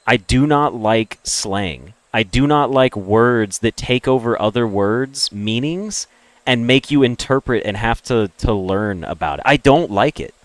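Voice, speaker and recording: Streamer, man, General American accent, mid-pitched, opinionated and blunt, dry, close mic. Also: expressive, unhurried, no echo. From American Deep South. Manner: blunt, opinionated, swears freely. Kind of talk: casual livestream rant.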